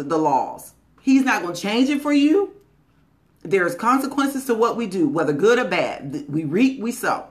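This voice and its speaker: A woman giving a motivational talk in a conversational, folksy way. She is emphatic and repeats key phrases, drawing them out. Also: mid-range voice. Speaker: motivational speaker.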